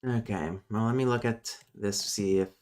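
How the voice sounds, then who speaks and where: A man's voice: on the low side, steady tone, normal speed, darkish tone. Man reading linguistics notes aloud. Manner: thinks aloud, breaks off with muttered asides. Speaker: streamer teaching linguistics. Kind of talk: casual live-stream lesson, reading notes aloud.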